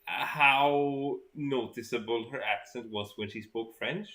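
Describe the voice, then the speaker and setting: Mid-pitched guest from Sweden telling stories. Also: slow pace, fairly bright tone. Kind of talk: casual live-stream chat.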